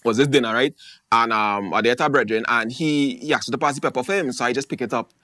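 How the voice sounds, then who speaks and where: Fast, bright Trinidadian comic. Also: male voice, mid-range voice, no room sound, clean studio sound. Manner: animated, chatty storytelling with dialect phrasing. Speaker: stand-up comedian. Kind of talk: stand-up comedy.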